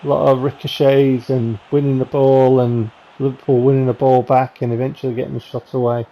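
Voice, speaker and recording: A man talks casually over game highlights in a chatty, rambling, wry way. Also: little pitch movement, fairly quick, lo-fi sound. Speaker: gaming channel host.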